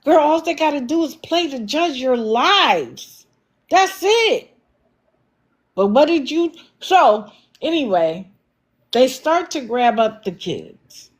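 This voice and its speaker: A woman's voice: sits high, sing-song, takes it slowly. Blunt, scolding woman livestream host. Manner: blunt, scolding, sarcastic rhetorical questions. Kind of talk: commentary livestream.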